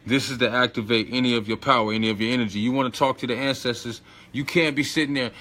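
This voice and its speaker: A spiritual teacher with a medium-pitched, fairly bright voice gives an informal lesson. He talks fast with few pauses, using slang and emphasis, repeating phrases and coaching the listener directly.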